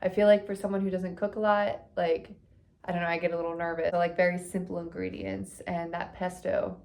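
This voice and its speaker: Chatty woman vlogger with a creaky voice. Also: on the low side, a little fast. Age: 30s. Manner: chatty, expressive, talks with her hands. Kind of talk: casual vlog chat. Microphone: phone.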